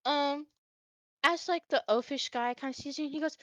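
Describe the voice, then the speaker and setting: High-voiced young woman game master. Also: moderate pace, fairly bright tone, no room sound, lo-fi sound. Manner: chatty, many fillers. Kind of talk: narrating a tabletop game.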